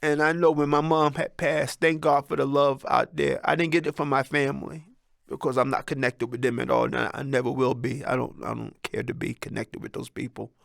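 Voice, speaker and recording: Creaky-voiced man in his sixties, blunt. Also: medium pitch, little pitch movement, a little fast, fairly bright tone, dry recording, clean studio sound. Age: 60s. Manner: blunt, rambling, reflective. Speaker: vlogger. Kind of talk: candid personal monologue.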